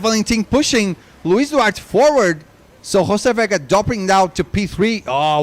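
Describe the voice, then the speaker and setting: A man giving live race commentary, excitable and bursting out at big moves, also reading out long lists of drivers. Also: high voice.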